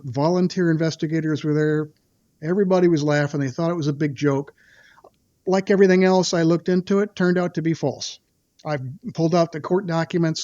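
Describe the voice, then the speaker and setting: A man being interviewed as a guest lawyer, recounting events with indignation, often pausing on "uh" fillers. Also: a little high, darkish tone, muffled recording. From Wisconsin. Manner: indignant, retelling events with acted quotes and frequent "uh" fillers.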